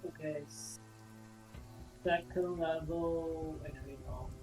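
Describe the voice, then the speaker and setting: A man's voice: fairly high pitch, steady tone, slow, over music, poor audio. A man playing in a tabletop game, thinking aloud hesitantly. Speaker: player.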